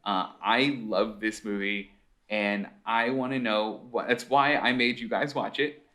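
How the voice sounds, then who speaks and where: A man's voice: lowish voice, steady tone, unhurried, pushed and bright. A man co-hosting a casual podcast over a video call, enthusiastic and self-deprecating. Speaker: podcast co-host. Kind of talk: casual chat.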